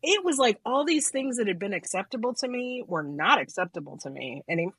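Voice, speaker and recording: A woman co-hosting a podcast, chatting casually with halting restarts and frequent laughter. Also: medium pitch, sing-song, fairly bright tone, breathy edge, no echo. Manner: halting restarts, laughs often, self-deprecating. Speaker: podcast co-host. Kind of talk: casual conversation.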